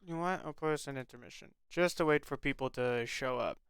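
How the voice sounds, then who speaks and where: A young man streams live, rambling cheerfully to his chat as he gets things ready. His voice is bright and crisp, close to the mic in a dry space with no room echo. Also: a little high, brisk. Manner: rambling, upbeat, talks to chat while setting up. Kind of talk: casual livestream chat.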